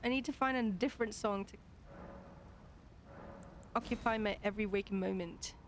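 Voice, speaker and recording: A woman's voice: mid-range voice, normal speed, a little hiss or hum. A British woman streaming live gameplay, playful and exclamatory, laughing often as she chats to viewers.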